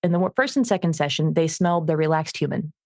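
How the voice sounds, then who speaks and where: A woman co-hosting a podcast as a dog trainer, chatting casually and telling animated stories about her dog. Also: sits low, fast, no room sound, studio quality. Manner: animated storytelling, acts out her dog's voice. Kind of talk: casual chat.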